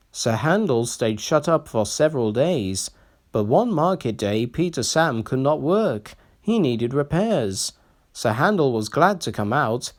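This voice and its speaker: This is a slow, expressive reading of a railway storybook for children, delivered with lively pitch.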